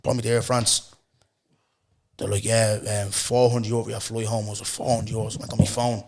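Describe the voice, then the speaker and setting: A young Irish man hosts a podcast, telling a story with a fairly low voice at a slightly quick pace. Casual and animated, he laughs frequently while acting out people's lines.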